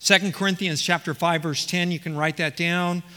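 A man's voice: high voice, fairly even intonation, normal speed, bright, forceful tone, clean tone. A man preaching a verse-by-verse sermon as the pastor, reading passages aloud and often restarting his phrases. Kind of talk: expository sermon. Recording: reverberant hall.

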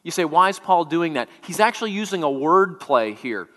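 A man's voice: a little high, animated, moderate pace, fairly bright tone, big-room sound. A man preaching a sermon, explaining scripture word by word as a teacher, often repeating words as he restarts.

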